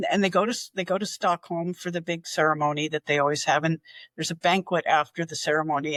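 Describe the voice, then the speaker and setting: Animated history presenter telling anecdotes. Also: medium pitch, no room sound. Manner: animated, chuckles while telling stories. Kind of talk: casual storytelling chat.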